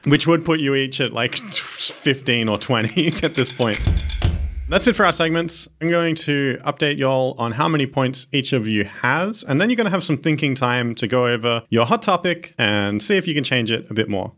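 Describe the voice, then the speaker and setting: A man's voice: mid-range voice, expressive, moderate pace, fairly bright tone. A man hosting a comedy game show, playfully calling turns and announcing scores.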